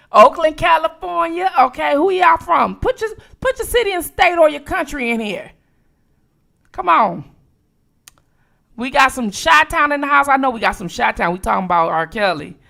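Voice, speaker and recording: Lively high-voiced woman hosting a livestream. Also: gravelly. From Detroit. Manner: animated, reads out viewer locations with quick reactions. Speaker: livestream host. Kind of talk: late-night live chat with viewers.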